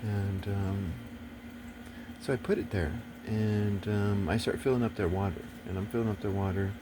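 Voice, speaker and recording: A man's voice: lowish voice, steady tone, moderate pace, background noise. A man talking in a rambling casual monologue, swearing often and turning agitated and preachy.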